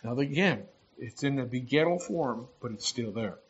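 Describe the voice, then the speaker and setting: A man's voice: medium pitch, lively intonation, moderate pace, muffled recording, a little hiss or hum. A man preaching a sermon, reading scripture and explaining it verse by verse in a conversational way, with asides and restarts. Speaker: pastor.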